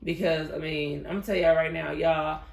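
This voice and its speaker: A woman from the American Midwest hosting a podcast, telling stories in an animated, playful casual chat. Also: deep voice, fairly quick, creaky. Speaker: podcast host. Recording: echoey room.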